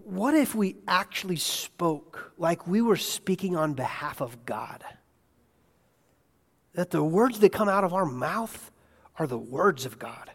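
A male pastor preaching a conversational sermon in a church, asking his congregation questions and swinging between hushed asides and loud, excited bursts. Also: high voice, slow, gravelly. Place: church sanctuary. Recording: long hall reverb.

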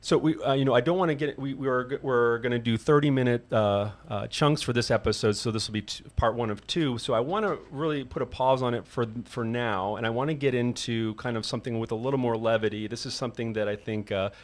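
Relaxed guy hosting a science podcast, chatty, mid-pitch voice. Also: quick pace, few pauses. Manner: easygoing, conversational, with fillers. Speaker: podcast host, chief science officer. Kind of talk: casual podcast chat.

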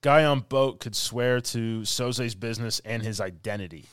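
A man's voice: mid-range voice, normal speed, smooth, no echo, clean studio sound. A man co-hosting a podcast, casually recapping a film and acting out lines in silly voices. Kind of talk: casual chat.

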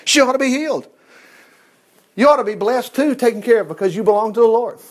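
A man preaching a sermon, retelling a story with animated asides and frequent chuckles. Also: very high-pitched, fast. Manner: animated storytelling, acts out quotes, chuckles often.

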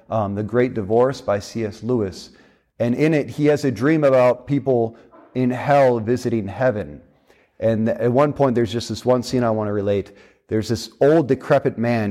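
A man delivers a sermon in a relaxed, conversational way, at a mid-range pitch. He talks plainly, with casual fillers and the odd restart. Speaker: preacher.

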